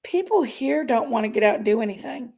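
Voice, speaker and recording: A woman's voice: on the high side, lively intonation, brisk, vocal fry, a little mellow, breathy edge. A woman hosting a casual livestream, chatting and greeting viewers by name as she reads their comments. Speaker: livestream host reading chat.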